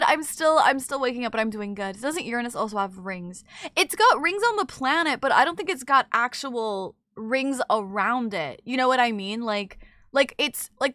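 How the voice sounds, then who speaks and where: A woman's voice: a little high, bright, forceful tone, dry recording, clean studio sound. A woman streamer in casual chat, reading viewer messages aloud and often trailing off with filler. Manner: chatty, filler-heavy, trailing off with "I don't know". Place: in bed at home.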